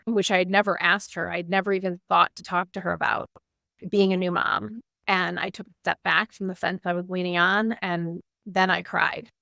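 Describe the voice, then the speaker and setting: A woman's voice: on the low side, creaky, bright, forceful tone, no echo, clean studio sound. A woman in her thirties, a guest telling her personal story in an interview, candid and earnest, with lots of "like". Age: 30s.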